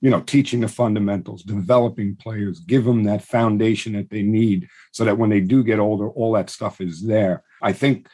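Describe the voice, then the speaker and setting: A man's voice: fairly low pitch, a little mellow, breathy edge. A man hosting a baseball coaching show, chiming in with short agreements. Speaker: podcast host. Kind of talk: casual chat.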